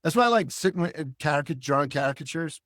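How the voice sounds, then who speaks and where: An older man and guest cartoonist, talking in a reflective, philosophical way and telling animated stories in a relaxed interview. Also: on the high side, rapid-fire, dry recording, clean studio sound. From Hull, Massachusetts.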